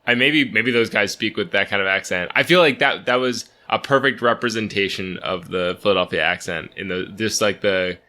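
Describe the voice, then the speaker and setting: A man's voice: fairly low pitch, normal speed, hardly any pauses, sharp tone. A young man co-hosting a casual sports podcast, rambling with lots of restarts and "like". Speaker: podcast co-host.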